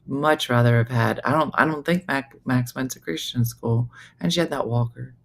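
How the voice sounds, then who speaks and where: A woman comedian with a low, gravelly voice hosts a casual morning show. She tells her story in a chatty, animated way and keeps breaking off for quick asides. The tone is loose and conversational throughout.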